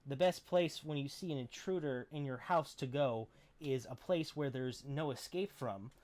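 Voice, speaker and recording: A man's voice: mid-range voice, moderate pace, a little mellow. A man co-hosting a podcast, casually recapping a film in a rambling, profane, sarcastic way. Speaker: podcast co-host.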